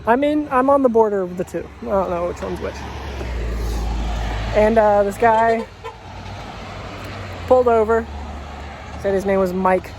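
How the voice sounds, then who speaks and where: A man's voice: sits high, unhurried, long pauses. A man talking in a casual, wry and self-mocking way while walking outdoors for a vlog. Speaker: walking vlogger. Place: outdoors by a road. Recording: outdoor traffic noise.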